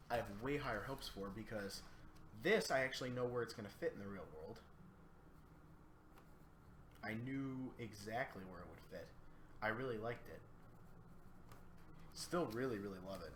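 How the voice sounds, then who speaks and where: A man's voice: fairly low pitch, fairly bright tone. A man streaming from his apartment, thinking aloud in a casual livestream chat while sleepy and yawning. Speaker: streamer composing music. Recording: echoey room, faint background noise.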